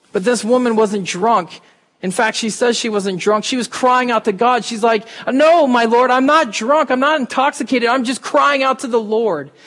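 A man's voice: high-pitched, fairly bright tone. A man, a pastor, giving an informal, conversational sermon and talking straight to his congregation in a church. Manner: informal, talks to the congregation directly. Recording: reverberant hall.

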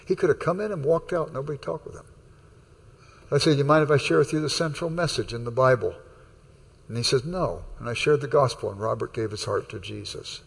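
A man's voice: medium pitch, brisk, gravelly, breathy edge, in a large hall. A man preaching a sermon in a conversational way, telling stories and acting out the dialogue. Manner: conversational, anecdotal, acts out dialogue. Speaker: pastor. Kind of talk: sermon with storytelling.

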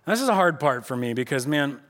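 A male pastor preaching an animated, joking sermon and acting out voices. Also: mid-range voice, quick pace.

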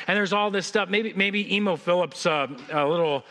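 A man with a high, bright voice preaches to his congregation in a loose, joking way, often restarting his sentences. His words ring out with a long reverb through the large church room. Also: animated, brisk, hardly any pauses. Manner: conversational and joking, with frequent restarts. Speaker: senior pastor. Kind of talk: sermon. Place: church sanctuary.

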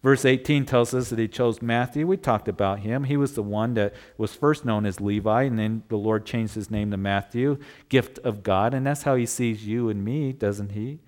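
A man's voice: on the low side, steady tone, moderate pace, few pauses, a little mellow. A male pastor preaching a sermon in a conversational way, asking his listeners rhetorical questions.

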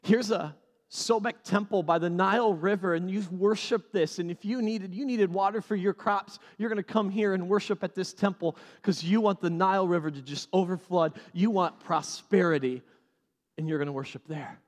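A male pastor preaching a sermon, animated and repeating key phrases for emphasis. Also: high-pitched, moderate pace, in a large hall.

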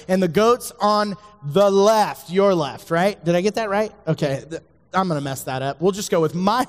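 A man with a high voice giving a casual sermon, chatty and jokey, often checking in with his listeners. His voice rings out with a long echo, as in a large hall.

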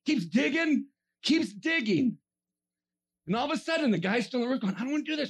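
During his sermon, a preacher tells an energetic story, laughing frequently and voicing the characters in comic impressions. He speaks at a normal speed in a high-sitting voice with a breathy edge.

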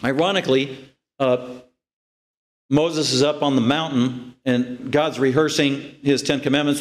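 A man preaching an expository sermon, animated and full of rhetorical questions, reading scripture slowly and with emphasis. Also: on the high side. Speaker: pastor.

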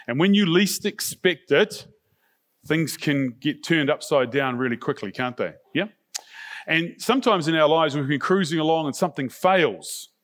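A middle-aged male pastor preaching a sermon in a conversational way, often asking the congregation rhetorical questions. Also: mid-range voice.

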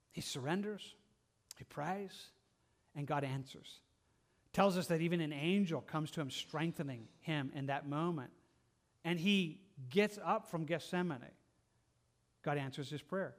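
Earnest higher-voiced male preacher. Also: moderate pace. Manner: earnest, conversational, with frequent restarts and soft laughs. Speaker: pastor. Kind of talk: verse-by-verse sermon.

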